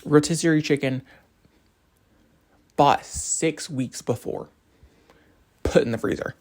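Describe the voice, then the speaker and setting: A man's voice: a little high, slow pace. A young man in college ranting casually to camera, rambling from topic to topic. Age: young adult. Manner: animated, rambling, jumps between topics. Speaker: college student vlogger.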